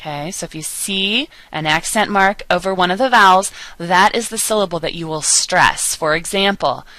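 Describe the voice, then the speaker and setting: A woman giving a recorded lecture as a language teacher, patient and explanatory, slowing down to enunciate example words clearly. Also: fairly low pitch, pushed and bright, no room sound, low-quality recording. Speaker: Spanish teacher.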